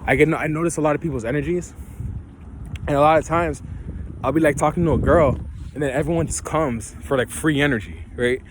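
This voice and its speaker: A man's voice: a little high, brisk, noisy background. A young man vlogging in a loose, profane monologue, laughing now and then and tagging his points with "right?". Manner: profane, ends phrases with "right?"; loose, laughing, preachy about self-belief. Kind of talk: casual rambling monologue.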